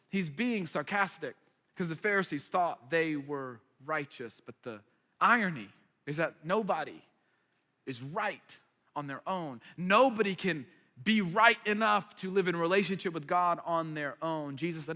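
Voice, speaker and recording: A man's voice: on the high side, expressive, normal speed, pushed and bright. A man preaching a sermon as a pastor, conversational and emphatic with playful asides. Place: church hall. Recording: reverberant hall.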